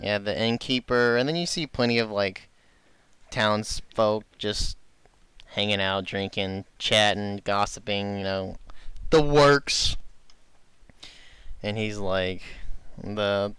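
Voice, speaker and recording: A man's voice: on the low side, slow, long pauses, a bit bright, smooth, dry recording. A man narrating as game master, laid-back, with lots of fillers and frequent laughter.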